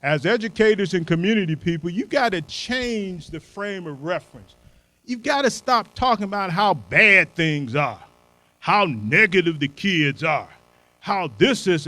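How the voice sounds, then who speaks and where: Brief: older male keynote speaker, folksy and emphatic, animated delivery. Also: on the high side, unhurried, rough recording. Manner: punchy short maxims. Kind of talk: motivational speech.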